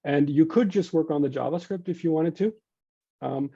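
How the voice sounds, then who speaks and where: A man explaining software architecture in a casual video call, thinking aloud and restarting phrases as he goes. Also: a little high, normal speed, creaky, breathy edge, dry recording, muffled recording. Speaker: software project developer.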